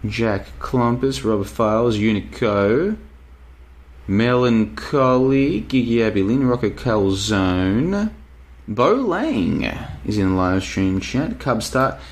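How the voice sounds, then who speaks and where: An Australian man with a fairly low voice hosts a casual live stream and reads out viewers' messages. He talks in loose, rambling runs and hammers his points home by repeating them. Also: lively intonation, slow. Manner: rambling, emphatic, repeats himself. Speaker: podcast host reading live chat. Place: apartment in Bulgaria.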